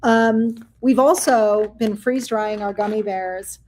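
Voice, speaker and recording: A woman who founded a candy company, telling stories in a casual chat in an animated way with lots of fillers. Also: mid-range voice, slow, slight background noise.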